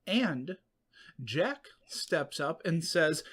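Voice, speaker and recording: A man's voice: on the high side, very animated, drawn-out words, fairly bright tone, husky. A man co-hosting a casual podcast with dry, wry asides. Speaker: podcast co-host. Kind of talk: casual chat.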